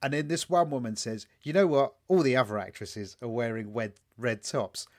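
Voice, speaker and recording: A man's voice: medium pitch, moderate pace, a little mellow. Man telling stories on a podcast. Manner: swearing, storytelling, jumps into mock quotes. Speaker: podcast co-host. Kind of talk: casual chat.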